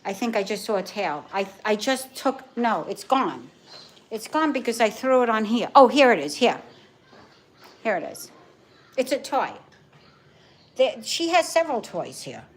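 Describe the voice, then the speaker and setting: A woman's voice: fairly high pitch, sing-song, measured pace, pauses often. A middle-aged woman with a Brooklyn accent, chatting casually with viewers on a livestream, emphatic and repeating herself. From Brooklyn, New York. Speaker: livestream host. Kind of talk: casual live chat with viewers.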